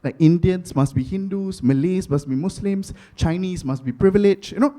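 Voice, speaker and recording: A man's voice: high-pitched, moderate pace, warm tone. A man in his thirties with a Singaporean English accent, doing chatty stand-up comedy, with many fillers and repeated phrases. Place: comedy stage before a live audience.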